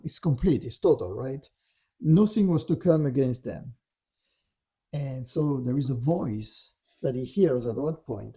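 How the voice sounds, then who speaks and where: Gravelly-voiced man telling a spiritual story. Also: a little high. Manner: relaxed, with frequent "you know" and "right". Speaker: storyteller guest.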